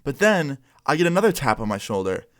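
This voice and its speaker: A man's voice: medium pitch, big pitch swings, a little fast, a bit bright. A young man telling a school story in a casual, profane way with lots of filler words.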